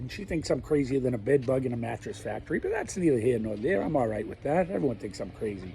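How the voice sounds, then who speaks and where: A man's voice: mid-range voice, expressive, fast, gravelly, few pauses, warm tone, a little hiss or hum, rough recording. Blunt, folksy middle-aged man rambling. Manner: candid, folksy, talks in plain blunt words. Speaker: vlogger. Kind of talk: rambling personal monologue. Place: outdoors, walking around his backyard pool.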